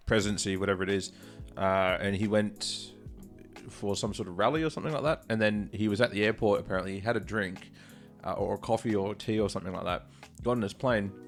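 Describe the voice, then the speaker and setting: A young man with a lowish voice chats casually on a podcast and rambles through a story, padding it with ums and uhs. Faint music plays underneath. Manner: rambling, filler-heavy storytelling. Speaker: podcast co-host. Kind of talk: casual chat.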